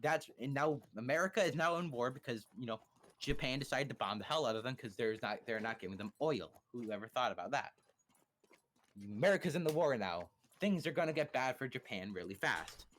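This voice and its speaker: A man's voice: medium pitch, animated, brisk, fairly bright tone, a little hiss or hum. A young man casually explaining history on a livestream, swearing and cracking crude jokes. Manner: crude, joking, profane.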